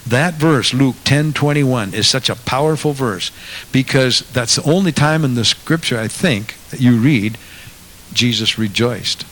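A man preaching a sermon as a pastor, moving from quiet asides to loud, impassioned passages. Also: mid-range voice, measured pace, slight background noise.

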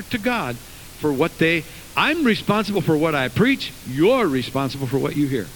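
A man's voice: a little high, fairly bright tone, slight background noise, rough recording. A man preaching a fervent sermon to his congregation in a church, with many asides and restarts. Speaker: pastor. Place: church sanctuary.

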